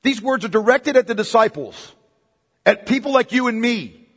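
A man's voice: very high voice, animated, moderate pace, a bit bright, breathy edge, in a large hall. A man preaching a sermon as pastor, emphatic, putting repeated questions to the congregation. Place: church hall.

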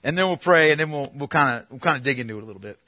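Bright-voiced male pastor preaching conversationally. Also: medium pitch, racing, no echo. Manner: conversational, animated storytelling with frequent restarts. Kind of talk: sermon.

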